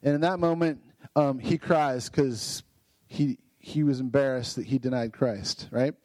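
A man preaching a casual Bible lesson, enthusiastic and chatty, often checking in with his listeners with a quick "right?". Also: mid-range voice, fairly even intonation, a little mellow, dry recording, low-quality recording. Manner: enthusiastic, frequent "right?" tag questions.

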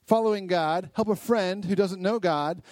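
A man teaching a youth Bible lesson, energetic and asking the group lots of questions. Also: high voice, moderate pace, no room sound. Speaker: youth pastor.

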